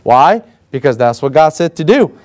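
A male preacher with a fairly high voice delivers a sermon with energetic emphasis. He keeps throwing questions at the congregation and calls for their responses as he goes. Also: normal speed. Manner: rhetorical questions and call-and-response.

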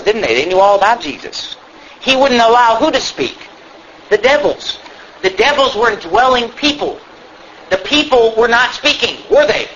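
A male pastor preaches with a high, bright voice, pressing each point and repeating it. He throws questions at his listeners as he goes. The recording sounds dull, with faint hiss underneath. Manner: emphatic, repetitive, rhetorical questions to the congregation. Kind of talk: sermon.

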